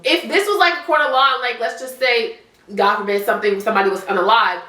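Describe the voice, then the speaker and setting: Woman vlogger, stuffy-nosed, animated and profane, bright voice with roomy echo. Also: a little high, quick pace. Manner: animated, sassy, blunt with profanity. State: congested, stuffy nose. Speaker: commentary vlogger. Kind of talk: casual reality TV commentary.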